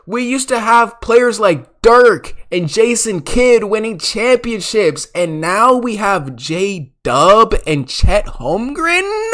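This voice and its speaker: Young man, high voice, slow drawn-out delivery, exasperated mocking rant, sports vlogger. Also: expressive, fairly bright tone. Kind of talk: ranting reaction commentary.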